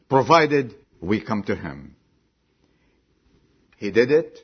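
A man preaching a sermon, dropping low and quiet, then bursting out loud and high, and asking the congregation direct questions. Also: sing-song, slow pace, long pauses, husky, dull audio. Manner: swings from low quiet lines to sudden loud high exclamations. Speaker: pastor.

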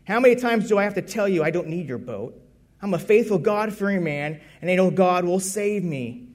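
A man's voice: high voice, expressive, normal speed, a little mellow. A man voicing a stubborn, faithful man who keeps insisting he needs no rescue. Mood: angry. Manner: insistent, repeats himself firmly.

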